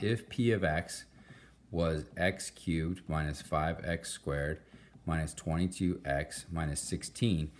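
A man's voice: sits low, slight background noise. A male math teacher giving an upbeat, encouraging recorded lesson, talking straight to his students.

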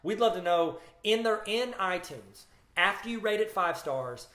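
A man's voice: sits high, animated, a little slow, bright, forceful tone. Jokey man chatting sports in echoey room. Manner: jokey, rambling, playful asides. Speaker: podcast co-host. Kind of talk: casual sports chat. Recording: roomy echo.

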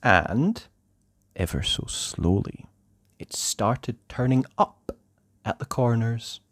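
A storyteller reading a children's picture book aloud in an expressive, sing-song way. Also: mid-range voice, slow, no echo, studio quality.

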